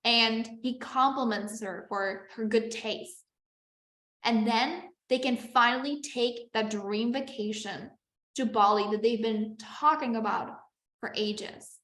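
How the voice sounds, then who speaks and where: A woman's voice: fairly high pitch, slow, a bit bright, reverberant. A woman business coach teaching a live online masterclass over a video call. She talks in a chatty, encouraging way, often checking in with "okay?".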